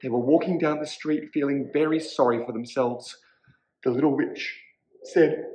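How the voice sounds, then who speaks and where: A man, a teacher reading a children's story aloud in an animated, expressive way. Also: medium pitch, normal speed, poor audio.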